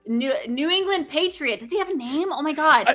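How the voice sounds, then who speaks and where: A woman co-hosting a casual podcast, excitable and full of fillers as she plays a quick-fire quiz game. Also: high-pitched, music in the background. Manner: excitable, lots of fillers and hesitations. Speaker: co-host.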